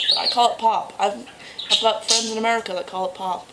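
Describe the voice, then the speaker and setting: A young woman from Canada with a Manitoba accent, chatting casually in a vlog and pausing often with ums. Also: medium pitch, little pitch movement, heavy background noise. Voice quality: chatty, halting with frequent ums. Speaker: vlogger.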